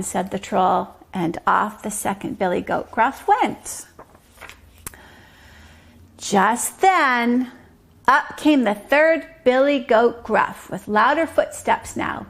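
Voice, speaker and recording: A woman teacher reading a story aloud to toddlers, slow and gently explaining. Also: fairly high pitch, animated, gravelly. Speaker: preschool teacher.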